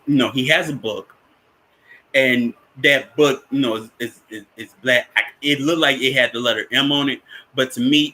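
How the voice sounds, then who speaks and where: Bright-voiced man rambling about a film. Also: mid-range voice. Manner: rambling with many restarts, chuckles often. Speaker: spiritual teacher discussing a film. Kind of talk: casual film commentary.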